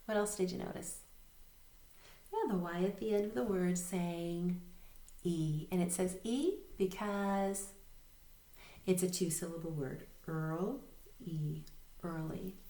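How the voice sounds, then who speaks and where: A woman's voice: lowish voice, dark tone. Patient woman teacher in a roomy echo. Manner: patient, spells words slowly letter by letter. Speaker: reading intervention teacher. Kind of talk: recorded video lesson.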